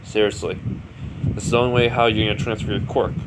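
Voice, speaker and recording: A man's voice: lowish voice, fairly even intonation, quick pace, very noisy, close to an everyday voice. A man voicing a blunt, matter-of-fact young male villain, close to his own voice.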